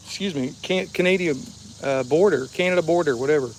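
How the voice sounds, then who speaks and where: A man's voice: a little high, brisk, a little hiss or hum. A man from Ohio hosting a casual livestream, chatting easygoing with viewers and chuckling often, sitting outside behind his house. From Ohio, USA. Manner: laid-back, chuckling often, easygoing and joking. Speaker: livestream host. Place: outdoors behind the house, with insects.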